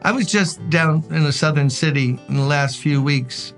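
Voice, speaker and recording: A male pastor gives a daily devotional, chatty and full of little stories. He leans into points with emphasis and keeps it conversational. His voice sits a bit higher than most men's. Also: normal speed, soft background music. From Brooklyn, New York. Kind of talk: devotional sermon.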